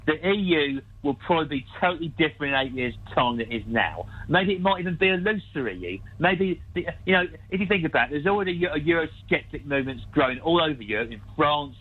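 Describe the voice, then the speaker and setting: A man calls in to a radio phone-in, his slightly high voice squeezed thin by a tinny phone line. He argues eagerly and keeps pressing his point. He laughs easily between arguments. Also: animated, fast talker, hardly any pauses. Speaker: caller. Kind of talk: phone-in call.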